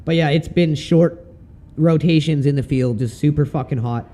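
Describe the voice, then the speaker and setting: A relaxed, talkative Canadian man narrates his sim racing replay on a live stream at a moderate pace. His voice is a touch higher than most men's, mellow and warm, and he swears casually.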